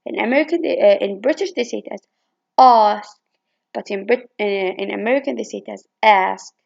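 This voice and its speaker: A woman's voice: mid-range voice, fast talker, creaky, a little mellow, muffled recording. A woman reading a presentation on vowel pronunciation from her slides, with hesitant restarts and fillers. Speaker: student presenter.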